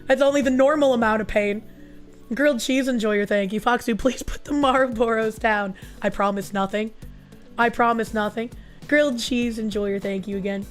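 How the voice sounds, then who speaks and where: A woman streamer with a hoarse, raspy voice from recent illness, chatting casually and crudely while reading viewer messages. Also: on the high side, brisk, faint music behind. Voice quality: raspy, husky. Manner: casual and crude, swears often. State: hoarse, losing her voice after illness. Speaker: VTuber streamer. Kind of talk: casual livestream chat reading super chats.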